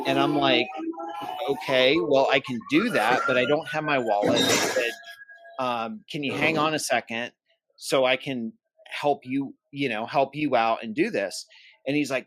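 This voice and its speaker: A man's voice: medium pitch, steady tone, normal speed, heavy background noise. A man co-hosting a podcast, casually retelling a tense phone call and quoting both sides in his own voice. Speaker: podcast co-host. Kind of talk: casual storytelling.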